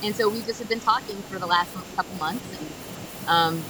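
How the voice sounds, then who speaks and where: A woman appears as a guest on a podcast, chatting casually, telling stories and laughing easily. Her voice is medium-pitched at a moderate pace, and the recording is noisy with clear background noise.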